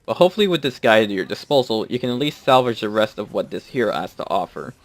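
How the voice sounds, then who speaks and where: A man's voice: on the low side, big pitch swings, quick pace. A man giving a scripted, matter-of-fact video game guide voice-over.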